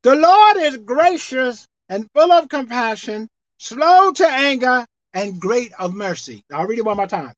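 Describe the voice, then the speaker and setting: Woman pastor, high expressive sermon voice, soft to shouting, dull dry recording. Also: unhurried, no room sound. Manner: preaching with dramatic swings from soft to shouted.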